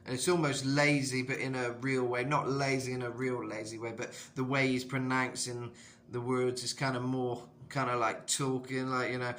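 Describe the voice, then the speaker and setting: A man with a slightly rough throat giving a casual, rambling singing tutorial as a vocal coach, full of "you know". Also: medium pitch, little pitch movement, normal speed, fairly bright tone. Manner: rambling, lots of "you know", jumps into sung demos.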